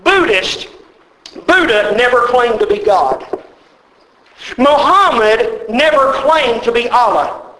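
A man's voice: very high voice, lively intonation, takes it slowly, long pauses, bright, forceful tone. A man preaching a sermon in a church, emphatic and repetitive, often asking his listeners rhetorical questions. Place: church sanctuary. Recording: roomy church echo.

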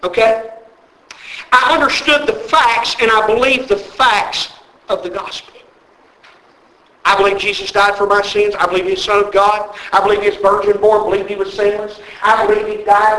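A male preacher with a very high, bright voice delivers an emphatic sermon full of repetition and rhetorical questions. His voice rings through a roomy church sanctuary with plenty of echo. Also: moderate pace, pauses often.

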